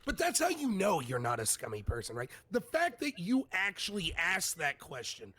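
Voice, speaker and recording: A man co-hosting a live stream, joking and talking in an animated way. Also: sits high, moderate pace. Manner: animated, joking, mock-sincere. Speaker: stream co-host. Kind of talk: casual live-stream banter.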